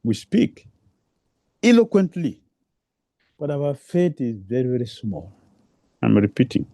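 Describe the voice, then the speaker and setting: A man with a medium-pitched, mellow voice delivers a devotional lecture at an unhurried pace, sounding very animated. As a preacher, he repeats phrases for emphasis and poses rhetorical questions, and his English phrasing is non-native. The recording has no echo.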